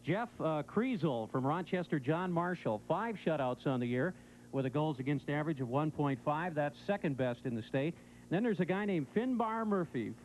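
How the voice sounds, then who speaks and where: A man's voice: fairly high pitch, a little mellow, a little hiss or hum, rough recording. A man working as a color commentator, listing goaltender stats methodically on an old TV broadcast.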